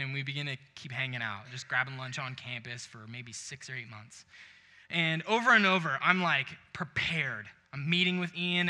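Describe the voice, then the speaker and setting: Young guy preaching, storytelling and doing both voices in the chat, super bright tone, echoey church hall. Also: on the high side. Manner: storytelling, acting out both sides of a conversation. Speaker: pastor. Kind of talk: sermon. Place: church sanctuary. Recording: long reverb of a large hall.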